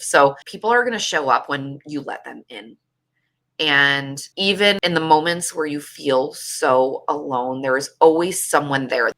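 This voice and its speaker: Low, bright-toned woman host; candid, emotional, swears freely. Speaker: podcast host. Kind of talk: personal storytelling monologue.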